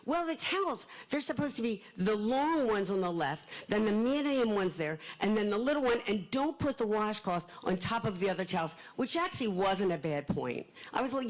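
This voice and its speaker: A middle-aged woman author shares personal stories before a live audience. She is animated and self-deprecating, and she switches between quick asides and acted-out dialogue. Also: medium pitch, poor audio. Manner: animated, self-deprecating storyteller acting out quotes. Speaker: author speaking at a library event. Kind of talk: storytelling talk to a live audience.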